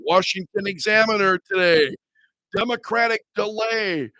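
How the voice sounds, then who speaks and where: A sarcastic talk radio host, a man with a high voice who keeps laughing at what he reads. He speaks into a studio microphone with a dry, close sound and no room echo. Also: fairly bright tone.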